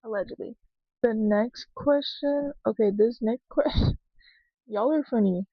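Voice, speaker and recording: A woman's voice: fairly high pitch, slow pace, dry recording, highs cut off. A young woman chatting casually to her viewers, rambling with lots of "like" and "um" and cursing freely. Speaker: vlogger answering viewer questions. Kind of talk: casual confessional chat.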